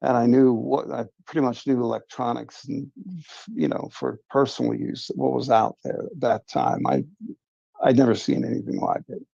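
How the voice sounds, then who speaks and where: Over dull, lo-fi stream audio with a dry sound, a male livestream host shares a personal experience, casual, confiding and earnest. He speaks at normal speed with a level, medium-pitched voice that's gravelly, dark and slightly rough.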